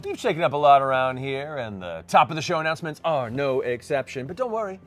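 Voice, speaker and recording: A man's voice: mid-range voice, very animated, fast talker, a bit bright, soft background music. A man hosting a show's announcements in a playful, showman-like way. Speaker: host. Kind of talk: comedic show announcements.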